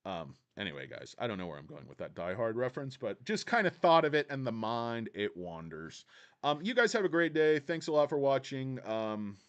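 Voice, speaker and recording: A man rambling on his own stock channel, joking at his own expense with a sarcastic edge. His pitch swings up and down a lot, and he keeps a mid-range voice. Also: very animated, normal speed. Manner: jokey, self-mocking, sarcastic. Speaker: stock vlog host. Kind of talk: casual rambling chat.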